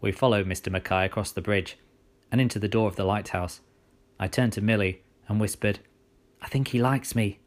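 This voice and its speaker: A man narrating a children's story in the first person, with steady storytelling delivery. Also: fairly low pitch, fairly quick.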